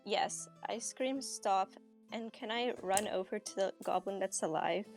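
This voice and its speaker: Woman player, slow deliberate delivery, faint music bed. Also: medium pitch. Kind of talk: casual tabletop role-play.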